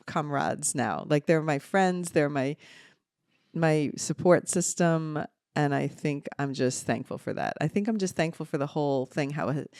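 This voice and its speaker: A woman's voice: low-pitched, no echo, studio quality. A middle-aged woman with a New Jersey accent, chatting emphatically as a podcast co-host. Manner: animated, emphatic, talks over others. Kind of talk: casual chat.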